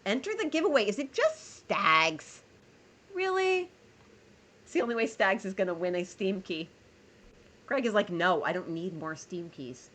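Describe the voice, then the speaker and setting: A woman live-streaming a game, thinking aloud emotionally and warmly thanking her viewers. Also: medium pitch, animated, a little slow, a little hiss or hum. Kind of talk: live-streamed gameplay chat.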